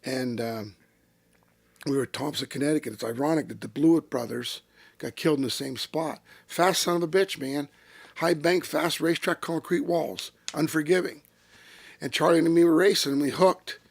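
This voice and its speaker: Older guy, gravelly, kinda high voice, cussing his way thru old racing stories, dry mic. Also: normal speed, no echo. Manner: salty, profane, animated storyteller. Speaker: retired race car driver, interview guest. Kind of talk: casual storytelling interview. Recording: dry close-miked studio sound.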